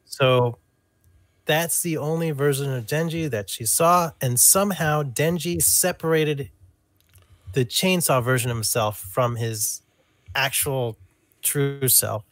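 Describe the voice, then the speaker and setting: A man's voice: mid-range voice, slow, fairly bright tone, no room sound. A man in a casual podcast chat with a mid-range voice, recorded dry and close. He talks things through hesitantly, with plenty of fillers and puzzled questions. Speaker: podcast co-host.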